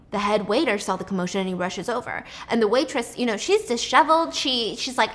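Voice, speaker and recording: A young woman telling a story in a loose, chatty way, quick on her words and casual with swearing. Her voice sits a bit high. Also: sharp tone.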